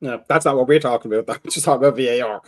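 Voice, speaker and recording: A man co-hosting a football podcast, calmly steering the chat back on track. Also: mid-range voice, very fast. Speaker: podcast co-host.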